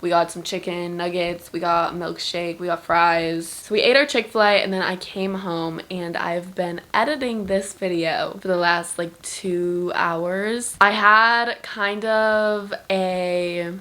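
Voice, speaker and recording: A woman's voice: on the low side, fairly even intonation, slow pace, hardly any pauses, a bit bright. A young woman chats to her camera at home while she gets ready for the day. Her talk is loose and rambling, packed with "like" and small asides. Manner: chatty, filler-heavy, lots of "like". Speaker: vlogger. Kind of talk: casual vlog chat. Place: bedroom at home, indoors.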